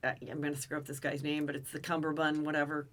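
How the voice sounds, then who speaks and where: Woman, podcast host; low-ish bright voice, chatty questioner, recorded slightly off-mic. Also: monotone, quick pace, recorded from a distance, a little hiss or hum. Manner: chatty, asks follow-up questions. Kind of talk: casual podcast interview.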